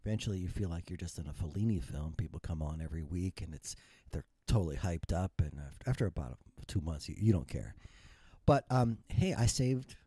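A man in his fifties tells his story in a wry, rambling, self-mocking way. His voice is lowish and mellow. The sound is dry and close, with no room around it. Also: lively intonation, fairly quick, breathy edge, dry recording. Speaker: retired musician telling his story. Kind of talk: humorous storytelling monologue.

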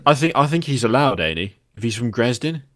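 A man's voice: mid-range voice, big pitch swings, brisk, fairly bright tone. A young British man co-hosting a let's play, making dry jokes and mock-stern remarks. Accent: British English. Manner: jokey, dry asides and mock stern lines. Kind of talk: casual gameplay chat.

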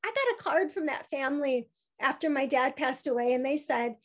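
A woman's voice: high voice, expressive, normal speed. A woman giving a talk as an obituary writer, telling a personal story in a chatty way with many fillers and restarts.

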